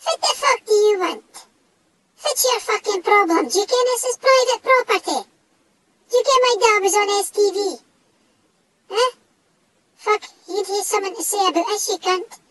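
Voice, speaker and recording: A man voicing a small, cocky, foul-mouthed male dog with a northeast Scottish accent, speaking in a high squeaky voice. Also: flat delivery, fast talker, background noise. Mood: defiant. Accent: Scottish (northeast, Doric). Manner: sweary, blustering tough talk.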